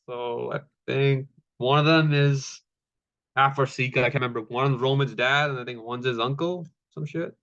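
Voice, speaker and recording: A man's voice: medium pitch, steady tone, normal speed, fairly bright tone, highs cut off. A man casually recapping a wrestling show, laid-back, with lots of fillers and swearing, acting out the quotes.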